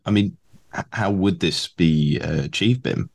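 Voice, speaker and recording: Deep-voiced male podcast host. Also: measured pace, creaky, darkish tone. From Enfield, London. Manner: conversational, hesitant with fillers. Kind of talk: interview questions.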